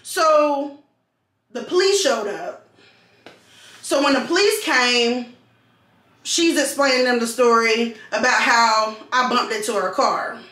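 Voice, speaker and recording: A woman vlogger telling a storytime to her viewers in an animated way, repeating phrases for emphasis. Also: fairly high pitch, slow, pauses often, recorded from a distance. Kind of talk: storytime vlog. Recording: roomy sound, mic set back.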